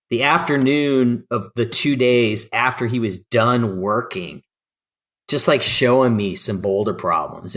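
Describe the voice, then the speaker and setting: Low-voiced man in his fifties, animated podcast storyteller from California. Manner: animated storyteller, acts out quoted dialogue. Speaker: guest climber. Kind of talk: storytelling interview.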